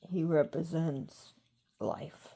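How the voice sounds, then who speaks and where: A tired woman talking casually about an old god, rambling and pausing to think. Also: sits low, steady tone, gravelly, dark tone. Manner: rambling, unhurried, pauses to think. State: tired, yawning. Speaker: host of a mythology talk. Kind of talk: casual talk to camera.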